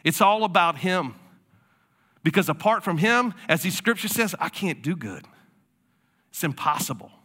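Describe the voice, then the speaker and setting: Male pastor, sermon, conversational storyteller, bright tone. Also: high voice, lively intonation, normal speed, pauses often. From South Carolina. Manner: conversational storytelling preacher, casual fillers.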